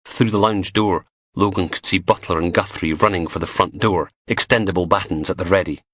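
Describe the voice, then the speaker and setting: A man narrating a crime audiobook in an expressive, vivid storytelling manner. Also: sits low, fairly quick, dry recording, clean studio sound.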